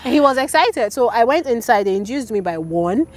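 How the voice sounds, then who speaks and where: A woman in her thirties, an interview guest telling a personal story in casual chat, animated and acting out the voices of people she quotes. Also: a little high, fairly quick.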